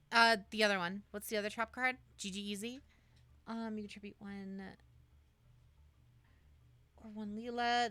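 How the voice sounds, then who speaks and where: A woman streamer chatting casually on a livestream as she coaches a friend through building a deck. Her voice is bright and crisp, and the sound is dry and close. She talks loosely, with frequent fillers and restarts. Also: mid-range voice, no echo.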